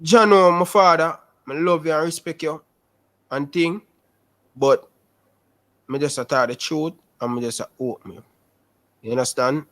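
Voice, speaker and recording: Animated Jamaican man, slightly higher voice. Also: moderate pace, long pauses. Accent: Jamaican Patois. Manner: animated, repetitive, speaks in patois. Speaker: interview guest. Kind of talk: casual storytelling interview.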